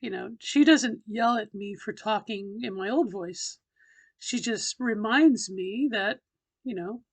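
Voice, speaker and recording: Slow, halting middle-aged woman. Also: medium pitch. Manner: slow, halting, thinking aloud with many pauses. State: slightly tight throat. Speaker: vlogger doing voice training. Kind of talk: casual personal video diary.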